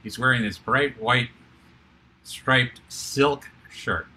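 An older man, a television producer and author, telling an animated anecdote as an interview guest, with frequent restarts. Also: medium pitch, slow pace, a little hiss or hum. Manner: lively storyteller with restarts.

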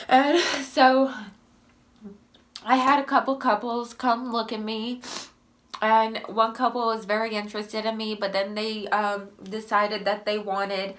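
A woman's voice: on the high side, flat delivery, unhurried. Sniffly young woman telling her story. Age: young adult. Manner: emotional, sighing, voice rising and softening. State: sick with a runny nose; out of breath. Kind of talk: personal storytelling to camera.

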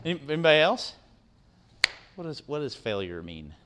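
A man's voice: on the high side, very animated, normal speed, fairly bright tone, a little hiss or hum. A middle-aged man giving a conversational motivational talk to students, often asking the audience questions and tagging on "right?". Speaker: guest speaker. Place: university lecture room.

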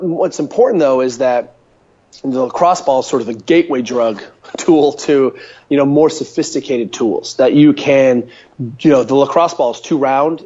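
A man talking as an interview guest over a call, an animated storyteller full of fillers, standing at a home counter. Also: mid-range voice. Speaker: guest, mobility coach. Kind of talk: casual interview by phone call. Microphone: phone or call line. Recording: dull lo-fi call audio.

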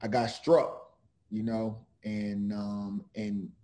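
A middle-aged man talks with a very dark, mellow tone and a slow, deliberate pace. He pauses and restarts often and sounds earnest as he reads a passage aloud. His voice sits low, as if heard over a video call. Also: flat delivery. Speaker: author and criminal defense lawyer. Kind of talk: reflective talk with read-aloud book passage.

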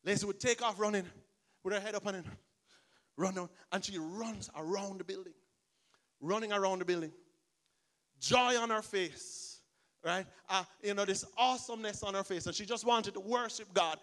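A man preaching a sermon as pastor, telling a story in an animated way and acting out the people in it. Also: high voice, moderate pace.

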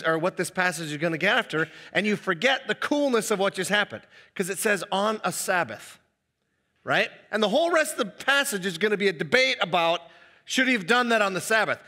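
A middle-aged male pastor giving a conversational, animated sermon in a church, acting out the voices he quotes. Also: sits high, big-room sound. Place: church hall.

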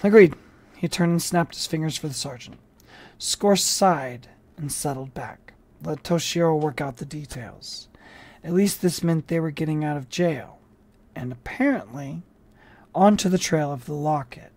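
A reader narrating a novel aloud chapter by chapter in an even, unhurried way. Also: medium pitch. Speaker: audiobook reader.

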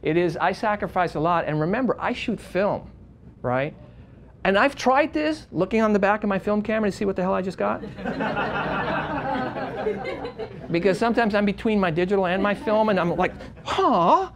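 A man's voice: high voice, moderate pace, long pauses, crowd noise. A man, a wedding photographer, teaching a live workshop to a room full of people, speaking with passion and emphasis. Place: room with an audience.

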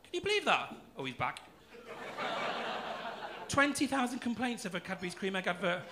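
His high-pitched voice is bright and pushed, swinging hugely in pitch at a moderate pace. This stand-up comedian in his 40s plays cheeky and camp on a comedy club stage, teasing the crowd and swearing freely. The noisy room rings with audience laughter.

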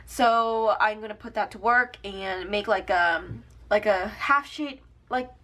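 A woman's voice: medium pitch, slow, a bit bright. A young woman showing off her planner stickers in a casual vlog, gushing and upbeat with lots of "um" and "like". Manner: gushing, upbeat, many fillers like "um" and "like". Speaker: planner sticker shop owner. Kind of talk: casual product showcase vlog.

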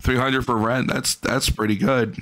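A man's voice: medium pitch, level tone, normal speed, a bit bright. A man casually commenting on a clip, profane and mocking, often mimicking the cat in voices.

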